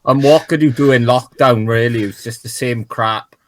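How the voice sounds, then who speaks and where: A man's voice: mid-range voice, steady tone, normal speed, slight background noise. A man from Wales, a guest on a podcast, chatting casually about his experiences. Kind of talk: casual chat.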